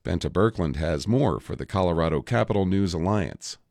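A man hosting a radio newscast, reading stories and introducing reporters in a measured way. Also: sits low, lively intonation, a little mellow, no room sound, studio quality. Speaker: news host.

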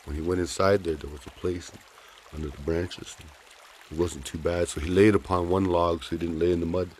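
A man telling a traditional story in a folksy, animated way with casual asides. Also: deep voice, a little hiss or hum.

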